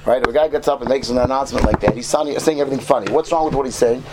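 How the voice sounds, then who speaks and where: A man's voice: mid-range voice, rapid-fire, heavy background noise. A man teaching a short informal lesson to a class, rambling and correcting himself as he goes and quizzing his listeners. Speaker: Torah teacher.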